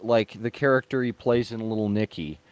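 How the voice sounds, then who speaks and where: Sarcastic man, low dry voice. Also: steady tone, normal speed, no room sound. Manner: sarcastic, mocking. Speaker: online video host. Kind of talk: casual reaction commentary.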